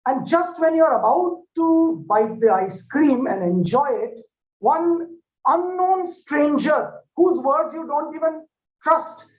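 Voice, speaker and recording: A man with an Indian English accent giving a devotional talk in a satsang hall, telling stories and addressing listeners with many filler pauses. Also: very high-pitched, lively intonation. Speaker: spiritual speaker. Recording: echoey dull lo-fi hall recording.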